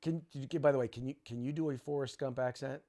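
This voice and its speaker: A man's voice: mid-range voice, steady tone, fast talker, warm tone. A man hosting a casual political podcast, speaking emphatically and often restarting phrases. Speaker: podcast host.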